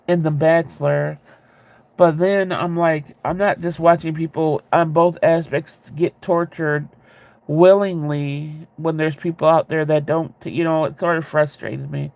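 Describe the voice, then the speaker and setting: A man chatting casually with viewers, rambling and candid, with a ready laugh and a gravelly voice. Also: on the high side, fairly even intonation, unhurried, darkish tone, no room sound. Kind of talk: casual chat.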